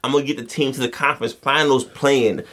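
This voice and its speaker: A man's voice: medium pitch, steady tone, fairly bright tone. Dude co-hosting a hoops podcast, cussing and clowning, takes his time telling it. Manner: profane, joking, slow storytelling. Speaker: podcast co-host. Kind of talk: casual sports banter.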